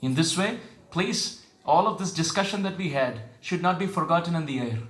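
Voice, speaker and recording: A man giving a devotional sermon who questions his listeners and chants verses slowly. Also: fairly high pitch, animated, fairly bright tone, echoey room. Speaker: spiritual teacher. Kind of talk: devotional sermon with call and response.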